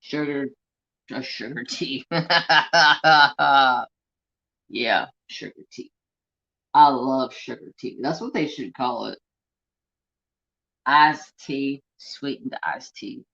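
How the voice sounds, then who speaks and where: A man's voice: mid-range voice, extremely slow, gravelly, long pauses, sharp tone. Chatty American man on a lo-fi stream. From United States. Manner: chatty storyteller, reads viewer comments aloud. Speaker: crafting channel host. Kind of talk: casual live-stream chat. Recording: dull lo-fi sound.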